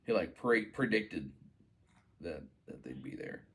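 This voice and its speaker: A man's voice: sits low, lively intonation, unhurried, a bit bright. A man rambling through an improvised children's story, full of "you know" and "uh".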